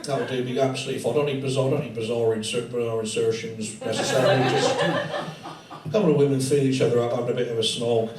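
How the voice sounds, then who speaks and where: A man's voice: medium pitch, fairly even intonation, quick pace, very noisy. Profane, rambling male stand-up comic. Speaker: stand-up comedian. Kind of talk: live stand-up comedy. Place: tattoo studio, indoors. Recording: echoey room, distant mic, audience laughter.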